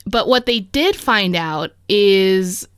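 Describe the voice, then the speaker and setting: A woman's voice: medium pitch, slow, clean tone, no room sound. Laughing woman podcaster, dry close sound. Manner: chatty, laughs often, relaxed storytelling. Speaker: podcast host. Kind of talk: casual chat telling ghost stories.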